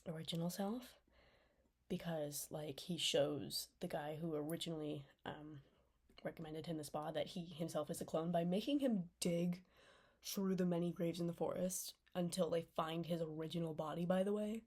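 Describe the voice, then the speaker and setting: A young woman vlogger recaps a TV series in a casual, rambling way, saying "like" a lot and often dropping into a whisper. Her voice sits on the low side, with a steady, darkish, slightly rough tone and a moderate pace.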